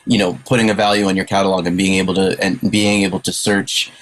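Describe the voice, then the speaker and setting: A man's voice: deep voice, little pitch movement, fast talker, a bit bright, poor audio. Stammering, fired-up man on a panel. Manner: stammering, enthusiastic, many restarts. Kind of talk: excited panel discussion.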